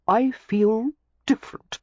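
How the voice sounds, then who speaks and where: A woman's voice: fairly high pitch, steady tone, slow, mellow, no echo, voice pushed up. A woman voicing an ardent young English lord who makes earnest, flowery declarations. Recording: slightly muffled lo-fi recording.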